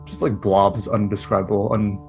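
A man voicing a calm, reassuring caregiver on the phone in a tabletop game, hesitant with fillers. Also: lowish voice, moderate pace, soft background music, close to an everyday voice.

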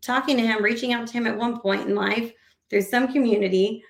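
A woman's voice: a little high, fairly quick, gravelly, roomy sound. A woman guest on a podcast, talking casually and animatedly, acting out quoted conversations and rambling with restarts. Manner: animated, acts out quoted dialogue; rambling with frequent fillers and restarts.

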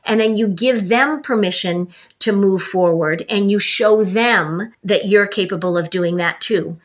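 A woman's voice: medium pitch, unhurried. A woman on a parenting podcast, explaining directly and acting out short example dialogues. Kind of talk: podcast conversation.

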